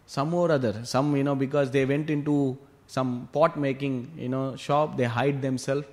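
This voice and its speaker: A man giving a devotional class who retells a scripture story with lively asides, often tossing in "you know" and "huh?". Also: medium pitch, normal speed.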